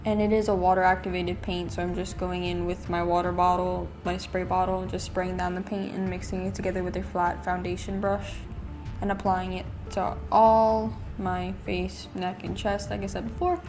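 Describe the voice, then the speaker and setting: A woman's voice: on the low side, level tone, normal speed, music in the background. A woman giving a voice-over makeup tutorial, explaining each step in a practical way. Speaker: makeup artist.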